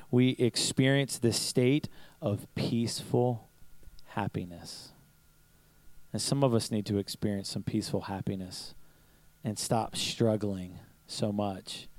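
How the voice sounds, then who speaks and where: Preaching at a church service, this pastor keeps things conversational, telling stories, asking rhetorical questions, and laughing softly from time to time. His mid-range voice is a little mellow, and the recording is dry and rough.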